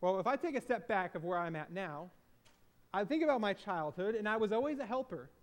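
A man's voice: high-pitched, expressive, brisk. A man speaking to an audience, a former hospital chaplain telling a personal story in an earnest, confessional way and repeating phrases for emphasis.

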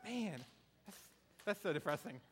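A man's voice: sits high, very animated, moderate pace, background noise. A man from the American South giving a conversational sermon, asking the congregation questions and repeating key phrases. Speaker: preacher.

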